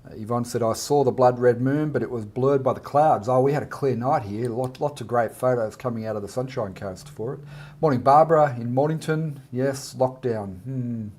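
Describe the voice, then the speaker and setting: A man's voice: mid-range voice, normal speed, darkish tone. A man with an Australian accent, hosting a casual live art chat and greeting viewers by name as he reads out their comments.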